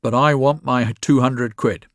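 A man's voice: medium pitch, steady tone, a little slow, dry recording, studio quality, natural voice. A man voicing a bent, greedy, cunning middle-aged woman with a wheezy voice in a storybook reading. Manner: leering, wheedling.

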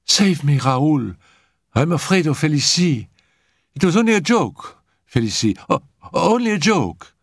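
A man reading a story aloud, voicing an excitable, scheming young French girl in a raised, eager voice. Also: medium pitch, normal speed, gravelly, dry recording, clean studio sound, pitched above the performer's own voice. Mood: frightened.

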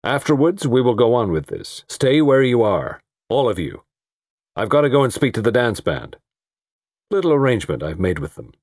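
A man's voice: medium pitch, big pitch swings, moderate pace, a little mellow, dry recording, clean studio sound. A man voicing a brooding, insistent host. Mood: commanding. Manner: intense and emphatic. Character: brooding, determined middle-aged male host.

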